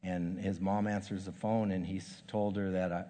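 An older man preaching a sermon, halting and restarting his words, often dropping to a hushed, soft tone. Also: low-pitched, little pitch movement, big-room sound. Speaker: pastor.

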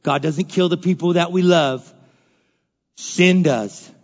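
A male pastor preaching a sermon, emphatic and repetitive, swinging between loud and hushed delivery. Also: on the high side, takes it slowly. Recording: dull lo-fi recording in a reverberant hall.

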